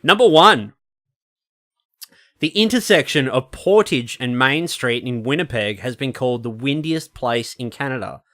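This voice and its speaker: Sweary Australian podcast host. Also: male voice, medium pitch, expressive, moderate pace, few pauses, a bit bright. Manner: profane, joking banter. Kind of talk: casual podcast chat.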